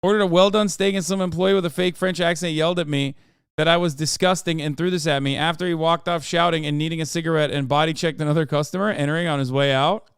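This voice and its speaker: Guy streamer reading chat stuff out, snarky and offhand, kinda high smooth voice, close dry mic. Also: fairly even intonation, quick pace, no echo. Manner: offhand and sarcastic, breaking into loud outbursts. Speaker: livestream host. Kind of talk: casual livestream chat, reading viewer posts aloud.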